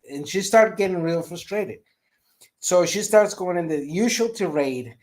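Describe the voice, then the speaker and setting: A man's voice: on the high side, expressive, a little slow, darkish tone. A man on a casual panel, telling a story and pressing pointed rhetorical questions.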